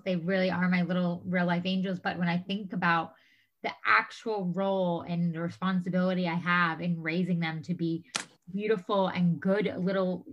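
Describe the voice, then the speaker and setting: A woman's voice: on the low side, lo-fi sound. A woman hosting a podcast, chatting in a gushing way with many fillers. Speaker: podcast host. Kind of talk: casual chat.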